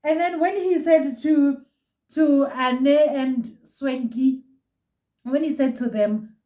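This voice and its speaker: Young woman, South African accent, gushing casual chat, slightly high voice, roomy distant recording. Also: slow, dark tone. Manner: gushing, chatty, code-switching. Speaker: reality show reviewer. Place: room at home. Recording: roomy echo, set back from mic.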